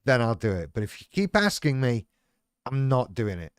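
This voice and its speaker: A man's voice: medium pitch, very animated, moderate pace, smooth, dry recording, studio quality. A man hosting a livestream, chatting frankly and wryly, with plenty of swearing. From United Kingdom. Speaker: livestream host. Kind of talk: casual chat.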